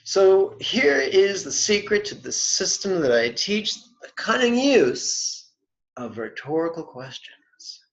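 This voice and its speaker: A man teaching meditation in an online lesson, speaking deliberately and dropping in playful, wry asides. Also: high voice, sing-song. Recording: dull lo-fi webinar audio.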